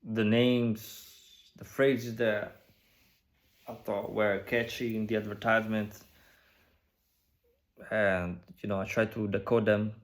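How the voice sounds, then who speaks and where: A man giving casual, speculative commentary on a video, musing through a list of phrases with many pauses and frequent "you know" and "right?" asides. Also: lowish voice, level tone. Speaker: video creator decoding an advertisement.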